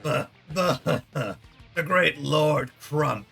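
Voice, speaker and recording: A man doing a smug, scheming villain who gloats over his own cleverness, with a bright, forceful edge. He barks orders in a slightly high voice, while soft game music plays under him. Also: extremely slow, creaky, slightly rough, exaggerated voice. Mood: gloating. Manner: smug, mocking, barking orders. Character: boastful scheming male villain, gloating and bossy.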